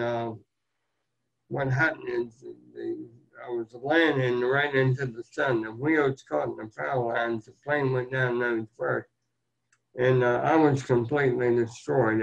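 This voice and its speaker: Older male guest, gravelly voice, folksy earnest storytelling, muffled lo-fi sound. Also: mid-range voice. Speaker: guest, motivational speaker. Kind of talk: storytelling interview talk. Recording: dull lo-fi sound.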